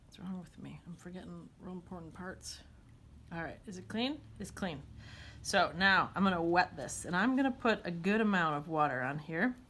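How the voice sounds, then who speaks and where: A woman's voice: on the low side, expressive, normal speed, fairly bright tone, slight background noise. A woman teaching a watercolor demonstration, chatting and thinking aloud as she paints.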